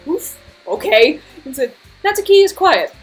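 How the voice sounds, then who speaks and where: A woman's voice: high-pitched, big pitch swings, moderate pace, faint music behind, low-quality recording. A woman streamer reading a visual novel aloud, casual and swearing freely with self-mocking asides.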